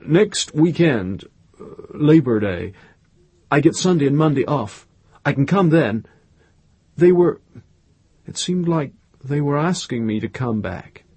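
A worn-out, shabby man, as a male narrator puts him on, mumbles in halting bursts. The voice is husky and breathy, pitched a bit above the narrator's own. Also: lively intonation, a little mellow, no echo. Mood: weary.

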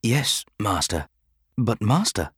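A man's voice: fairly low pitch, sing-song, takes it slowly, a bit bright, husky, no room sound, studio quality, full character voice. A man voicing an injured male Jedi knight who speaks weakly but with urgency. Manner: urgent, strained. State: weak, in pain. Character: wounded male Jedi knight, weak, worried.

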